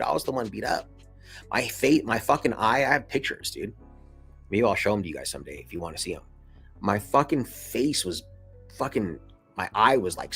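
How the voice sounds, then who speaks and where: Husky man telling a slangy story. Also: medium pitch. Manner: slangy, swears often, laughs between lines, lively retelling. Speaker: vlogger. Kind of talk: casual storytelling.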